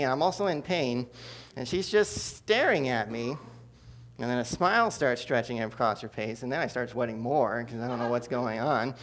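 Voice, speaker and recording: A man preaching a sermon, telling a personal testimony with humor, swinging between loud bursts and hushed asides. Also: mid-range voice.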